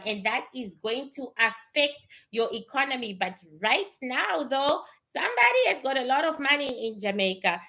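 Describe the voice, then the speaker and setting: A woman psychic giving blunt, swearing predictions, with laughing asides and questions she answers herself. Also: on the high side. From Canada. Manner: animated, asks and answers itself. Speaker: psychic reader.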